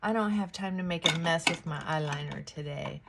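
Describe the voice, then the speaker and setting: A woman vlogger chatting slowly and casually at home while she gets ready in the morning, stopping now and then to talk to her dog. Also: sits low, gravelly, heavy background noise. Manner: slow, chatty, talks to her dog between thoughts.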